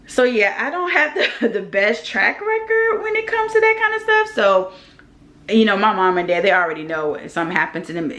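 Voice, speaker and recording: A young woman vlogging casually, telling a personal story in an animated, heated way with lively quoted rants and features. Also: medium pitch, fairly quick.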